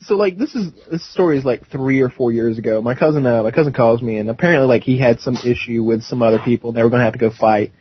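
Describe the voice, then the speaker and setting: A man's voice: mid-range voice, fast, hardly any pauses, slight background noise. A young man on a podcast, telling a story casually with lots of fillers and restarts. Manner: rambling, filler-heavy storytelling. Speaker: podcast co-host. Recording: muffled lo-fi podcast audio.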